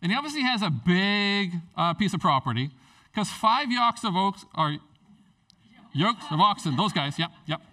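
Male pastor with a lightly raised pitch, joking sermon delivery, recorded from some distance. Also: normal speed. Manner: animated, jokey, acts out characters in quotes.

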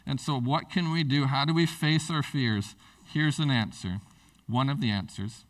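A man preaching a sermon as pastor, earnest and lively, often restarting his words. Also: medium pitch, moderate pace. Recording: voice from a distance from the mic.

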